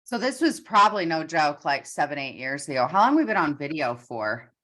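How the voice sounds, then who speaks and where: Low-voiced woman, lively storyteller. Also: fairly quick. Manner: animated storyteller, acts out quotes. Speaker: business coach. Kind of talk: casual coaching call chat.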